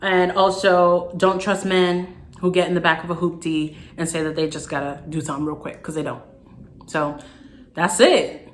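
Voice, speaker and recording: A young woman vlogger, telling a storytime in an animated, exasperated way. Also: on the low side, moderate pace. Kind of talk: storytime vlog.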